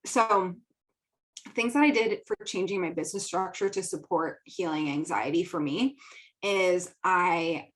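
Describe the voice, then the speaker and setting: Chatty woman podcaster, lowish voice. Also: unhurried. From American Midwest. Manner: chatty, laughs often, says "like" a lot. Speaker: podcast host and business coach. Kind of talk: casual solo talk.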